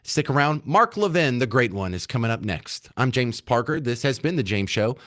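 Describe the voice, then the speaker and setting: A man's voice: mid-range voice, very animated, moderate pace, fairly bright tone. A man hosting a talk radio show from a studio mic, mocking and sarcastic.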